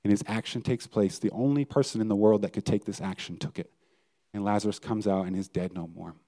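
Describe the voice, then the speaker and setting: A man's voice: on the low side, fairly even intonation, fairly quick, dark tone. A male pastor giving a conversational sermon and putting questions to his listeners. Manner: conversational preaching, asks the audience questions.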